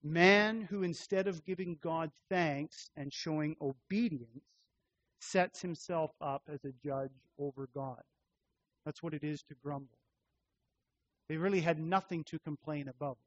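Man, pastor, sermon, measured, repeats phrases, slightly high voice, muffled recording. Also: fairly bright tone. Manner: measured expository preaching, repeating phrases for emphasis.

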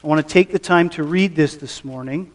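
High-voiced preacher heard from a distance. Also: male voice. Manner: reads scripture aloud, then explains it with measured emphasis. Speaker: pastor. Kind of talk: sermon.

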